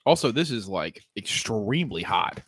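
Laughing host with a dry close sound. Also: male voice, lowish voice, big pitch swings, normal speed, fairly bright tone, breathy edge, no room sound. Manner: laughs often, rambles with fillers. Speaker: podcast host. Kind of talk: casual livestream chat.

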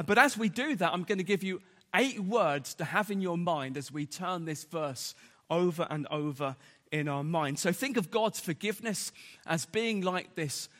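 A man's voice: high voice, a bit bright, in a large hall. A man preaching a sermon earnestly, repeating key words for emphasis, with frequent fillers and restarts.

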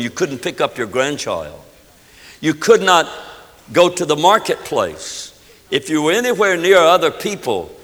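Animated preaching man, echoing hall. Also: on the high side. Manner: emphatic preaching, leading the congregation in prayer. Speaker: pastor. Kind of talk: sermon.

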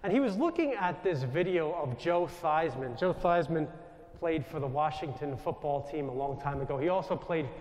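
A man's voice: fairly high pitch, animated, moderate pace, a little mellow, echoey room, in a large hall. A man with a New York accent, a Jesuit priest giving a conversational storytelling talk to a live audience. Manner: conversational, anecdotal, with self-corrections.

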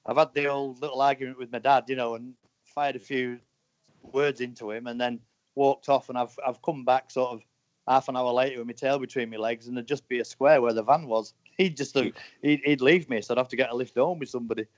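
A motorcycle racer in his forties chats casually and rambles, saying "you know" a lot. His medium-pitched voice is steady and brisk, and the recording is dull, lo-fi, and dry with no room sound.

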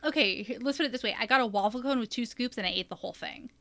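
A woman's voice: on the high side, fast talker, a bit bright. A woman in casual conversation, rambling with lots of fillers as she describes a trip. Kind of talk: casual chat.

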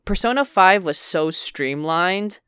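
A woman's voice: fairly low pitch, lively intonation, slow, fairly bright tone, smooth, no echo, clean studio sound. A young woman co-hosting a casual gaming chat, easygoing and laughing along. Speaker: podcast co-host. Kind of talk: casual chat about video games.

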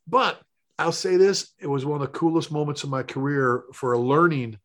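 A middle-aged man, a firefighter and paramedic, telling rambling, animated stories in casual conversation. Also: on the high side, moderate pace. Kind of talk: conversational storytelling.

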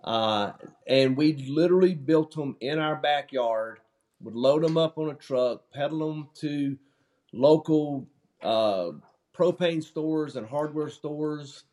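A man talking in a relaxed, plain-spoken way, telling stories as a guest in a casual interview. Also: fairly high pitch, slow. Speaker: company founder's son, guest.

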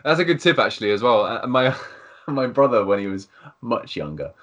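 A man hosting a podcast, asking questions in a relaxed chat and laughing often. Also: mid-range voice, normal speed, lo-fi sound. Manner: easygoing, laughs between remarks. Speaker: podcast host. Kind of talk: casual interview chat.

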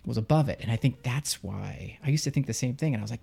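Gravelly man rambling about a movie. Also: medium pitch, fast talker, warm tone. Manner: rambling, searching for words. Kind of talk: casual film discussion.

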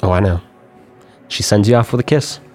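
A man's voice: on the low side, fairly quick, darkish tone, faint music behind, lightly acted. A man voicing an affectionate woman archer bidding her lover goodbye in a tabletop game. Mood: tender.

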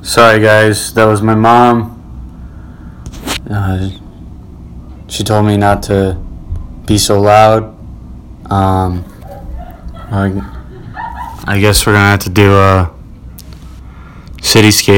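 A man's voice: lowish voice, little pitch movement, slow, long pauses, a bit bright, slight background noise. A man hosting a casual homemade podcast at home, talking hesitantly with lots of ums. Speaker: podcast host.

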